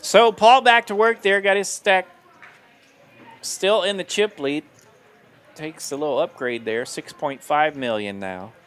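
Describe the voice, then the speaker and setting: A man's voice: on the high side, measured pace, a bit bright, clear, resonant tone. A man calling live poker play-by-play in an upbeat manner, laughing easily. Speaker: poker commentator.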